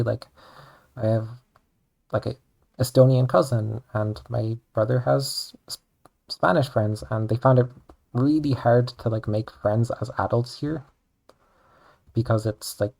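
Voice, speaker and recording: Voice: mid-range voice, vocal fry, darkish tone. A young adult speaker with an Irish accent who streams and draws, chatting casually and rambling, with "like" in nearly every sentence. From Ireland. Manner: rambling, chatty, says "like" often. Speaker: streamer and artist. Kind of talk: casual chat while drawing.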